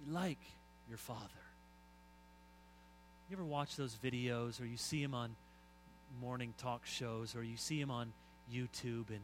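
Bright-voiced man preaching with loud emphases. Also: mid-range voice, a little slow, pauses often, a little hiss or hum, rough recording. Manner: storytelling, swings from soft to loud emphasis. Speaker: pastor. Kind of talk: sermon.

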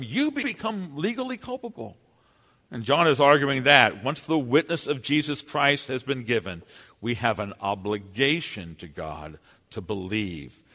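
Man, preacher, sermon, earnest, emphatic, mid pitch, long hall reverb. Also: bright, forceful tone.

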